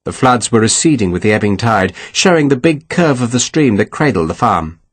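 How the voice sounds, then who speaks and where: Husky, expressive male audiobook narrator. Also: on the low side, brisk. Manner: expressive storytelling. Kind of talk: scripted narration.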